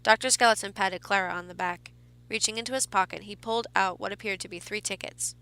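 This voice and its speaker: A woman narrating a horror story in a measured reading with small restarts. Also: mid-range voice, steady tone, bright, forceful tone.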